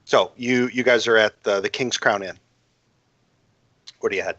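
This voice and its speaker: A man narrating a tabletop game as game master, halting and full of fillers and restarts. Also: lowish voice, sharp tone, no room sound, highs cut off.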